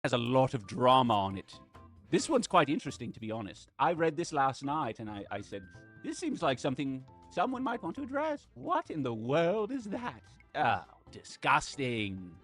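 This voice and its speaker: A man's voice: mid-range voice, huge pitch swings, normal speed, a bit bright, faint music behind. A man putting on a pompous British dragon. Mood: disdainful. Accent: put-on British. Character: pompous woke male dragon VTuber. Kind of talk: clip of a VTuber stream.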